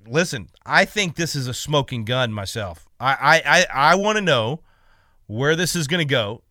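Animated, indignant male radio host. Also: medium pitch, no echo, clean studio sound. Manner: emphatic and indignant, stammering restarts. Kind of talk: opinionated talk radio commentary.

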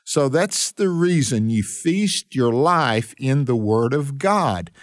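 A man's voice: medium pitch, lively intonation, takes it slowly, no room sound, studio quality. A man hosting a radio Bible study as a pastor, talking with earnest preacherly emphasis.

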